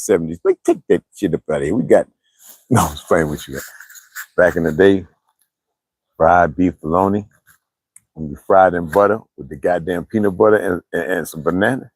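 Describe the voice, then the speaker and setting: A man's voice: low-pitched, darkish tone, husky, no room sound, poor audio. An older man from the US East Coast, rambling and profane in casual livestream chat, answering viewers as he goes. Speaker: livestream host.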